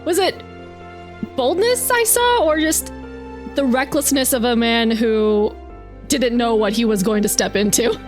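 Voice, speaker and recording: A woman's voice: fairly high pitch, unhurried, soft background music. A woman playing a tabletop role-playing game, delivering theatrical in-character vows with playful laughter. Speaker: player.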